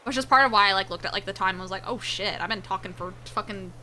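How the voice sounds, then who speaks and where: Bright-voiced woman streamer, rambling and laughing. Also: mid-range voice, very fast, a little hiss or hum, poor audio. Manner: rambling, swears freely, laughs often. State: slightly sore throat. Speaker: VTuber streamer. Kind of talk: casual gameplay chat.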